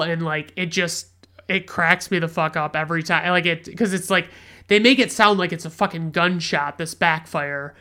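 A woman with a lowish, fairly bright, clear and resonant voice hosts a casual film review podcast. She retells scenes in a rambling, profane way, full of restarts and fillers.

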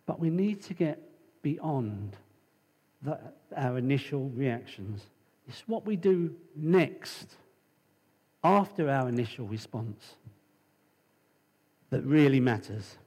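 Slow, husky-voiced male preacher. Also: medium pitch, sing-song, a little mellow, long reverb tail. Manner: conversational storytelling with scripture. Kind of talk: sermon.

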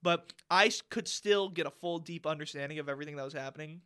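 A man's voice: on the high side, fast talker, sharp tone, clean tone. A young man co-hosting a casual podcast chat, ranting and swearing freely with lots of fillers. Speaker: podcast co-host.

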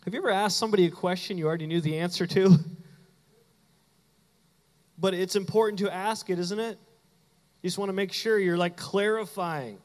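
A high-pitched man preaches a sermon to his congregation. He talks in a playful, conversational way, acting out quick asides. His voice rings with the long reverb of a church sanctuary. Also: a little mellow. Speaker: pastor. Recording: hall reverb.

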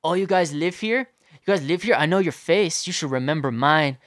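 A man voicing an aggressive adult man who shouts confrontationally. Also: sits high, fairly quick, dry recording, studio quality, pitched above the performer's own voice. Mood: angry, threatening.

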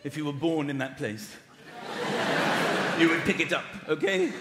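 Brief: male stand-up comic, high lively voice, echoey hall, loud crowd. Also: moderate pace. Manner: animated, acts out voices. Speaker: stand-up comedian. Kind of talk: stand-up comedy routine. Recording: live hall, echoey, loud audience noise.

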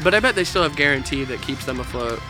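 A man's voice: medium pitch, lively intonation, quick pace. A young man co-hosting a casual chat, joking sarcastically and laughing often. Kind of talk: casual chat reacting to music. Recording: music playing behind.

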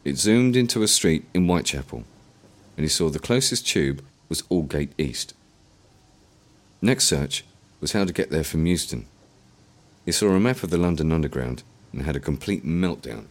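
A man narrating an audiobook in an expressive storytelling manner. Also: rumbling low, normal speed.

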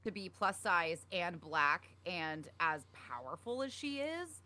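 Her voice fairly low, sing-song and sharp-toned, this young podcast co-host talks slowly in a casual chat. She's chatty and leans heavily on fillers such as "like" and "um."

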